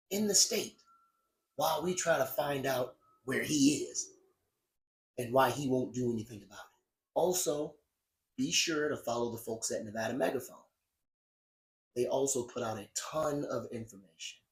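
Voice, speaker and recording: A man hosting a podcast, giving blunt, profane political commentary that grows heated and emphatic. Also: a little high. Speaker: podcast host. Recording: roomy echo.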